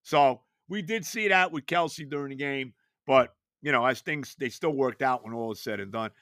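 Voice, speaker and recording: A man's voice: medium pitch, normal speed, fairly bright tone, dry recording, studio quality. A man in his later years hosting a sports podcast, talking casually and with emphasis, often asking rhetorical questions. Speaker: podcast host.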